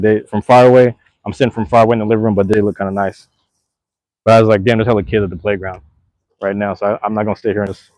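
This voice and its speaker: A man with a low voice chats his way through a comedy show recap in a loose, slangy style, with plenty of fillers and restarts. The sound is dry and close, with almost no room around it. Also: darkish tone, no echo, poor audio. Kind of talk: casual rambling recap. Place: outdoors near a playground.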